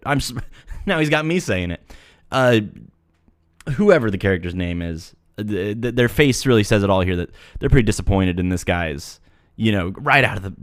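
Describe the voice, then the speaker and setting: A man's voice: fairly low pitch, dry recording, clean studio sound. A man giving mock-serious commentary on a video, lecturing earnestly with playful asides. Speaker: video reviewer.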